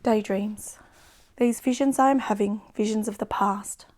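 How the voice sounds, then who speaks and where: A woman reading her own poems aloud in a slow, subdued, even way. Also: mid-range voice. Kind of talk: poetry reading.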